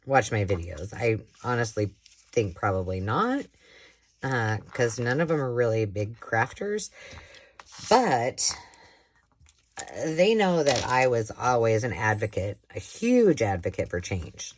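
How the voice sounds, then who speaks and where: Chatty, lively-voiced woman crafter vlogging. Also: extremely low pitch, slight background noise. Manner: rambling, animated storyteller who laughs often and acts out quoted voices. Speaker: craft channel host. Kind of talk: chatty crafting vlog, storytelling while working.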